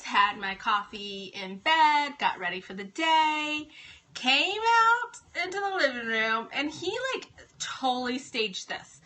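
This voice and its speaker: A woman's voice: fairly high pitch, bright, forceful tone. A woman hosting a casual live stream from home, chatting and greeting viewers by name. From Ohio.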